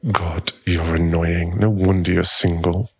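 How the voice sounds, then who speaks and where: A man's voice: low voice, little pitch movement, measured pace, breathy edge, no room sound, exaggerated voice. A young man playing a cocky, smug rival in an ASMR boyfriend role-play, taunting and chuckling as he talks. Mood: smug mocking. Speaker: ASMR roleplay performer.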